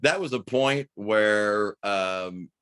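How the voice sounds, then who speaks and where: Enthusiastic low-voiced male coach. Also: drawn-out words, fairly bright tone, clear, resonant tone, dry recording. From United States. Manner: enthusiastic, reflective storyteller. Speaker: high school basketball coach and radio broadcaster. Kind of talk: podcast interview, telling a story.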